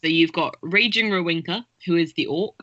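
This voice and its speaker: A woman narrating as game master of a tabletop game, chatty and quick to giggle. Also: on the low side, pushed and bright, dry recording, dull audio.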